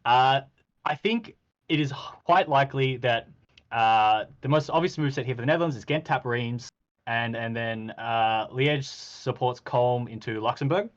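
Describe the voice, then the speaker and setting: A man talks casually and keeps slipping into acted-out quotes, with frequent ums and restarts. His voice sits at an ordinary middle pitch. The sound is a little dull and lo-fi. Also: normal speed. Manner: animated storytelling, acts out quoted exchanges, frequent ums. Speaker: podcast host reviewing a game. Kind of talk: casual game recap chat.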